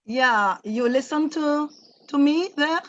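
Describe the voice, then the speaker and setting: A French-accented woman, a guest singer from Martinique, speaks earnestly in slow, halting English. Her voice sits fairly high and sounds dry and close. The lo-fi video-call audio dulls its clarity. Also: fairly bright tone, no room sound. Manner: halting, searching for words, earnest. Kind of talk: casual remarks on a video call.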